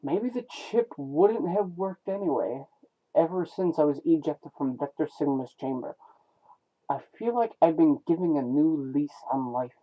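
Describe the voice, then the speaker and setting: A man reading a comic aloud, voicing a weary male robot warrior who reflects on his lost home in a slow, solemn way. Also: on the high side. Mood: pensive. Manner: solemn, slow, stumbling over names. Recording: tinny phone-like lo-fi sound.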